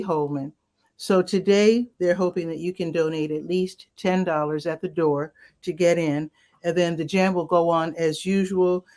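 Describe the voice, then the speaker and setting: A woman's voice: on the low side, darkish tone. A woman hosting a casual rundown of local weekend events, chatty and upbeat with asides, her voice cracking now and then. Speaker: community events host.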